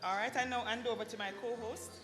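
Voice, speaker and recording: A woman hosting an awards dinner, calling up recipients with playful jokes and quick apologies for her slips. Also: a little high, crowd noise. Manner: lively, joking, apologizes for slips. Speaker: awards ceremony host. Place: banquet hall at an awards dinner. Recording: long hall reverb with loud music.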